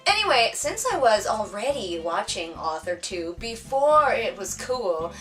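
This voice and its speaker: A woman's voice: mid-range voice, big pitch swings, unhurried, a bit bright, far from the mic, soft background music. A woman author chatting casually through tag questions on her vlog, playful and self-mocking. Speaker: author vlogger.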